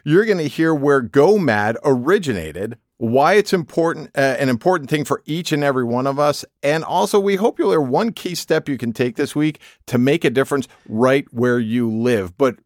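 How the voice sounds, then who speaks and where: A man's voice: mid-range voice, animated, normal speed, hardly any pauses, no room sound, clean studio sound. A middle-aged man co-hosting a podcast, friendly and laughing easily. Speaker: podcast co-host. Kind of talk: casual chat.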